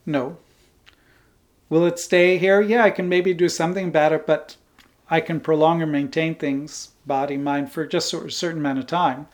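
Man teaching calmly with soft asides. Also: a little high. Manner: unhurried, often ends points with a soft "right?" or "like this". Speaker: Vedanta teacher. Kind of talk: spiritual teaching talk.

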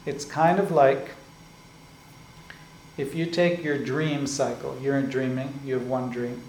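A man giving a spiritual discourse as a teacher. He explains slowly and often checks in with "right?" and "like this". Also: medium pitch, little pitch movement, darkish tone. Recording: echoey room with faint ambient noise.

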